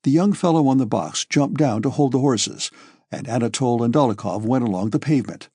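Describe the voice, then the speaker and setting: A male audiobook narrator with a husky voice at a middle pitch, reading in a measured, steady way. The recording is close and dry, with no room sound. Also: no room sound.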